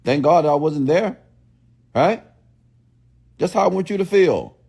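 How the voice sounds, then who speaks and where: A man speaks in a blunt, preachy motivational style, repeating questions like a preacher working a crowd. His voice is gravelly with a fry at the edges, and the tone sits dark and mellow. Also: fairly high pitch, expressive, unhurried. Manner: preachy, repetitive call-and-response questions; blunt, scolding. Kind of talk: motivational livestream talk.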